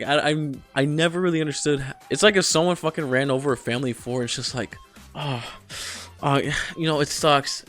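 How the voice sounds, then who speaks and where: A man's voice: mid-range voice, a bit bright. A man giving angry, mocking drama commentary, swearing constantly as he rants. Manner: profane, mocking, ranting. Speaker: commentary youtuber.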